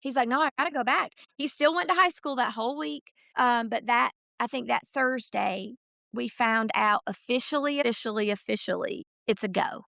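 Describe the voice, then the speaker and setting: A middle-aged woman tells a long story as a podcast guest, slipping into quoted voices and filler words. Her voice is heavily fried and gravelly, a bit higher than most. It is recorded close and dry, with no room sound. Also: moderate pace, sharp tone, no room sound. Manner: chatty, retells conversations in quoted voices, many fillers. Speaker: podcast guest, mother of a college football recruit. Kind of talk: casual storytelling chat.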